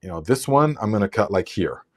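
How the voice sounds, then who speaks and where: A man's voice: fairly low pitch, expressive, a little fast. A man hosting a casual live gardening Q&A, chatty and rambling, with lots of fillers and restarts. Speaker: gardening channel host.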